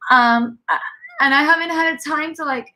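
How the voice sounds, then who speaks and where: A woman's voice: high voice, fairly even intonation, quick pace, bright, forceful tone, poor audio. A woman hosting a live stream, speaking earnestly and emotionally while crying, often repeating herself. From Cuban-American. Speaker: livestream host.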